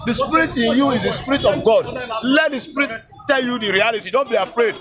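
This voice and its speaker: A man's voice: very high-pitched, brisk. A man with a Nigerian accent speaking in an impassioned interview, repeating words and exhorting like a preacher. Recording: noisy crowd around the voice. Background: crowd noise.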